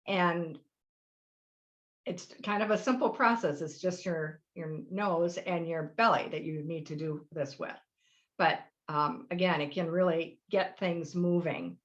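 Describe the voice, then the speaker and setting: A woman's voice: lowish voice, unhurried, dull audio. A middle-aged woman hosting a live webinar workshop, explaining practices in a friendly, rambling way with fillers. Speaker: workshop host.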